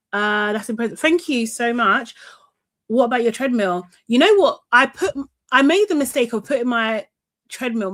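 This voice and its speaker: Young woman on a livestream, chatty and animated, laughs a lot, bit of a higher voice. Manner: chatty, animated, swears casually, laughs often. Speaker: podcast host reading live chat. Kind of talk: casual livestream chat.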